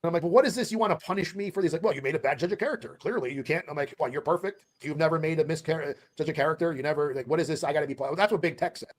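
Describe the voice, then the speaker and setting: A man's voice: fairly high pitch, racing, hardly any pauses. A man on a casual livestream telling a profane, rambling story full of quoted back-and-forth.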